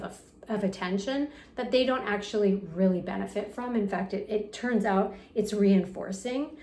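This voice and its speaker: A middle-aged woman coaching parents in a gentle, soothing lesson, softly acting out the phrases she suggests. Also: mid-range voice, moderate pace, hardly any pauses, echoey room, a little hiss or hum. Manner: gentle, soothing, acts out soft example phrases. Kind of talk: talking-head parenting lesson.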